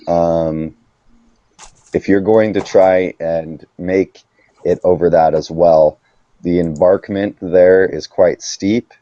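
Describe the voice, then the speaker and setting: Deep mellow man running a tabletop game. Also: no room sound, highs cut off. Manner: relaxed, chatty with fillers. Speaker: game master.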